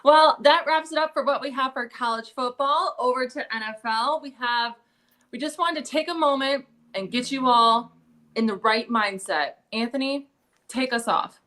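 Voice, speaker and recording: A woman's voice: high-pitched, moderate pace, sharp tone. A woman hosting a sports podcast, casually steering the talk with upbeat questions. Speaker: podcast host and moderator.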